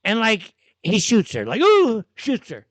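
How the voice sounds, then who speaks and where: A man's voice: high-pitched, huge pitch swings, measured pace, no echo. A man hosting a live commentary show, ranting in a heated, exasperated way and swearing often. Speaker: show host.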